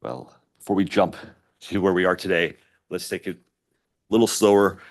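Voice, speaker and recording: A man acting as an attorney in a courtroom, questioning a witness in a measured, methodical way. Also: low voice, level tone.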